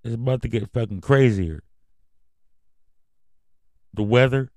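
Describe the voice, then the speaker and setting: A man's voice: mid-range voice, a little slow, darkish tone, no room sound. A man hosting a casual news commentary podcast, reading headlines and then going off on profane, rambling rants. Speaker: podcast host.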